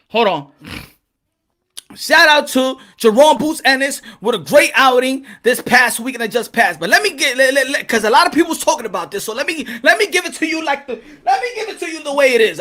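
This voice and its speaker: A man's voice: very high voice, very animated, moderate pace, pushed and bright. A man hosting a casual boxing livestream, rambling and cussing, laughing and repeating himself as he talks to the chat. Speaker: boxing channel host.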